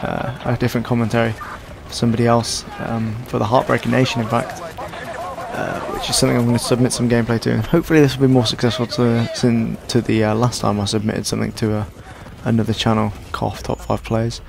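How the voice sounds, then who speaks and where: Young male gaming commentator, tired and hoarse, gravelly, self-deprecating rambler. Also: medium pitch, little pitch movement, quick pace, noisy background. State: hoarse, sore throat. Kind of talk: casual gameplay commentary.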